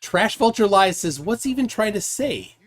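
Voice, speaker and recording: Man, stream host, reads donations, mocking, laughs a lot, fairly high voice. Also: expressive, moderate pace, fairly bright tone. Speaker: livestream debate host. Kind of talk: casual livestream chat reading donations.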